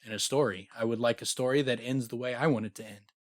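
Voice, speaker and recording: A man's voice: mid-range voice, fairly even intonation, fast, dry recording, clean studio sound. A man co-hosting a podcast, chatting casually and sarcastically about a book, swearing now and then. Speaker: podcast co-host. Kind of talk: casual book discussion chat.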